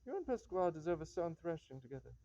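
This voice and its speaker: Guy reading a stern, proper young gentleman, mellow voice, muffled lo-fi sound. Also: a little high, big pitch swings, fast, dry recording. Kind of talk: amateur reading of a stage comedy. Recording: dull lo-fi recording.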